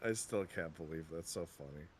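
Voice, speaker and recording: A man's voice: sits low, fairly quick, a little hiss or hum. A man from the United States, a voice actor chatting and joking while streaming a game. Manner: playful, jokey. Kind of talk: casual chat while playing.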